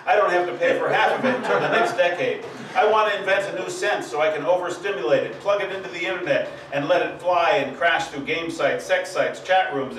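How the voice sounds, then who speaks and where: A man with a slightly raised pitch recites his poetry at a live reading, pressing each line with emphatic rhythm. He sounds a little distant from the mic, his voice ringing in a roomy space over a faint hum of ambience. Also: fairly bright tone. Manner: rhythmic, emphatic delivery of lists. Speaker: poet. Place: live poetry event venue.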